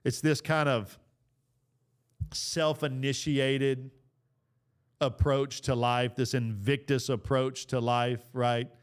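Earnest man preaching with smooth clarity. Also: mid-range voice, level tone, slow, pauses often. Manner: earnest, exhorting, with casual fillers. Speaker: podcast host. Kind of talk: preaching-style talk.

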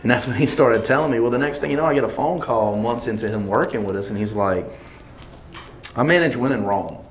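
A man, a singer telling lively anecdotes in an interview, acting out the voices of the people he quotes and laughing often. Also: medium pitch, brisk, slight background noise. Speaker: singer and bandleader. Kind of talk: animated storytelling in an interview.

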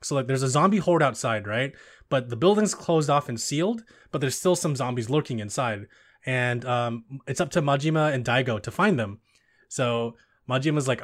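A man's voice: mid-range voice, expressive, normal speed, fairly bright tone. A young man in casual chat about video games, rambling with many fillers and frequent laughter.

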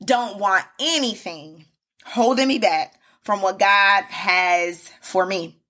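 A mid-range, sharp-toned female podcast host takes her time on a solo devotional show. Her preaching is fervent and repetitive in cadence, and she addresses listeners as "y'all" and "baby."

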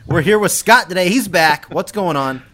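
Young male podcast host, bright tone, loose chatty delivery. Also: high voice, lively intonation, moderate pace. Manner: laid-back, laughs often, trails off with fillers. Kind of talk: casual podcast chat.

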